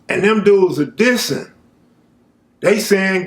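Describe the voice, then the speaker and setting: A man telling a true story from his own life in a casual, animated way, full of street slang and asides to the viewer. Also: high-pitched, takes it slowly, pauses often.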